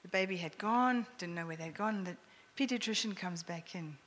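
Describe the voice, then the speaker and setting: A middle-aged woman sharing a personal testimony, animated and often laughing, sometimes dropping to a hushed near-whisper. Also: fairly low pitch, moderate pace. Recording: echoey hall with faint noise.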